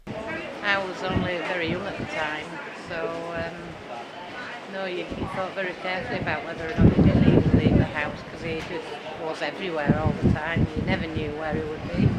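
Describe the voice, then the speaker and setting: A man earnestly recalls his childhood memories in a documentary interview, speaking quickly at times. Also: on the high side, fairly even intonation, very noisy. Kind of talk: recollection in an interview.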